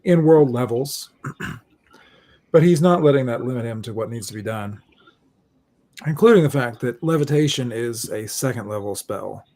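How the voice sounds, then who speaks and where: Male book club guest, mid-range voice, analytical, frequent throat clearing. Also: medium pitch, expressive, moderate pace, long pauses, warm tone. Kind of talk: casual livestream book chat.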